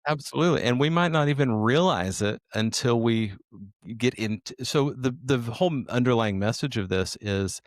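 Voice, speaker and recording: A man, a sales trainer appearing as a guest, speaking with emphasis and slowing down to stress his points. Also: medium pitch, no room sound. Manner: emphatic, deliberate, repeats words for stress. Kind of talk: conversational interview.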